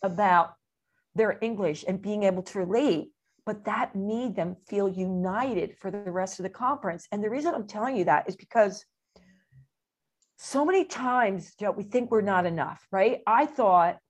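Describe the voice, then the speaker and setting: A woman who is a motivational speaker, telling stories as an interview guest in an animated way, often laughing and acting out quotes. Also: medium pitch, moderate pace. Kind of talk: casual interview storytelling.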